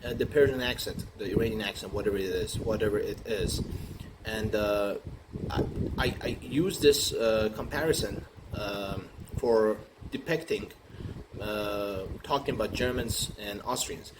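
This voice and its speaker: A man riffing through an improvised comic monologue, rambling and halting with many fillers and restarts. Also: on the low side. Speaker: comedian. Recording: noisy recording with room ambience.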